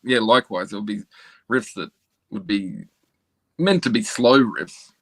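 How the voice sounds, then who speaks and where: A man who is a guest musician, telling stories in a relaxed, laid-back way. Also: lowish voice, unhurried, no room sound. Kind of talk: casual chat.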